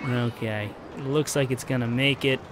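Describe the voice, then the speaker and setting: Against a noisy background, this man speaks at a moderate pace in a medium-pitched, steady voice. Streaming a park-building game, he offers casual gameplay commentary that shifts between easygoing narration and frustrated outbursts.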